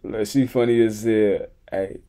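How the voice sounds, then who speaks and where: A man's voice: lowish voice, fairly even intonation, a little slow, mellow. A man reacting to a video as a streamer, laid-back and slangy, laughing as he comments.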